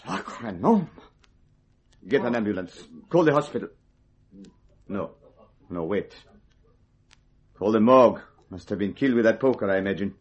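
A brisk bossy police inspector, plain middle voice, far off and muffled like an old radio play. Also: male voice, lowish voice, animated, breathy edge. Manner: brisk, commanding. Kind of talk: vintage radio drama acting.

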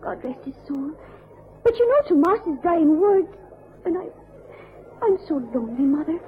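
An actress voices a young Irish bride in a vintage radio play, torn and tearful. Her voice sits very high. It comes through a tinny, narrow line with a faint hiss. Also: very animated, a little slow, exaggerated voice. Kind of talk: old-time radio drama acting.

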